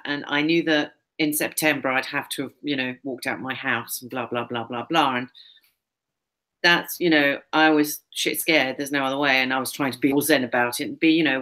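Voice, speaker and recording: Bright-voiced woman rambling candidly. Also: very deep voice. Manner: rambling, candid, many fillers and restarts. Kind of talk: casual personal storytelling.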